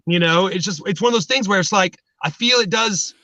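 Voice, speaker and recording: A man, a guest, telling jokes and stories in an animated, comedic casual chat over a remote line. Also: sits high, fairly quick, no room sound. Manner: joking, animated storytelling.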